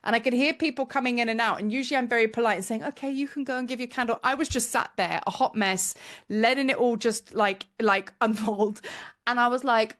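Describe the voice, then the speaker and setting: A woman's voice: a little high, a little fast. A middle-aged woman, a spiritual teacher, telling a personal story in a chatty, emotional way and acting out what she said. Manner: chatty, emotional, animated quoting of herself. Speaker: spiritual teacher and tour leader. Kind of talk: casual storytelling to camera.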